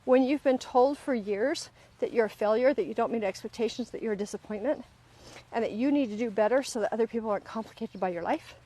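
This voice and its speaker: A middle-aged woman with a slightly high voice hosts a live self-help talk in a lively, conversational way. She tells personal stories to her audience and slips into other people's voices as she quotes them. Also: quick pace. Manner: animated storyteller, often acts out quoted voices. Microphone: livestream camera mic.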